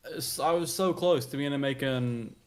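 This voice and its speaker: A man giving chatty, relaxed colour commentary on a live esports match, often correcting himself mid-sentence. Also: medium pitch, normal speed. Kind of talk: casual co-commentary.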